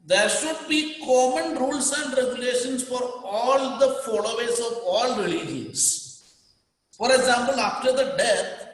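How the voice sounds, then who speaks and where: A man's voice: very high voice, a bit bright. A male teacher with an Indian English accent, giving a classroom lecture and explaining key terms, repeating words for students to note down. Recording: very echoey, reverberant room.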